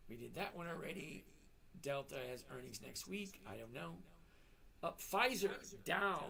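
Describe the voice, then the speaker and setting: A middle-aged man hosting a trading live stream, talking bluntly to his chat and repeating his points slowly for emphasis. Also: a little high, creaky, fairly bright tone.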